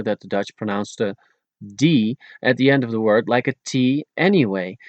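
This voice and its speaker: A man reads a grammar lesson for an audiobook, explaining each point plainly and slowing down over the example words. His voice sits at an ordinary pitch, and the recording is close and dry. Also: dry recording. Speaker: audiobook narrator teaching Dutch. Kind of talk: read-aloud language lesson.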